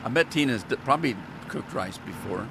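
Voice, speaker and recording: Over some background noise, an older American gaming livestreamer chats casually while playing a farming game, telling rambling stories and often chuckling. His medium-pitched voice is expressive and fairly quick.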